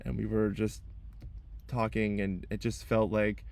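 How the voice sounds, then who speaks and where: Young adult man, lowish voice, vlogging from his car; rambling, emotional, on the verge of tears. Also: flat delivery, unhurried, creaky, a little mellow. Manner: rambling, restarts and repeats himself. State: emotional, holding back tears. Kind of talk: personal vlog monologue.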